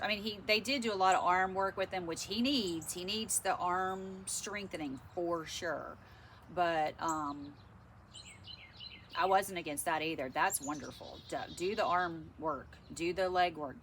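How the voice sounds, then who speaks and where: A woman's voice: fairly low pitch, fairly bright tone, a little hiss or hum. A middle-aged woman with a stuffy, congested voice, chatting frankly and ramblingly to camera in a casual vlog. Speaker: vlogger.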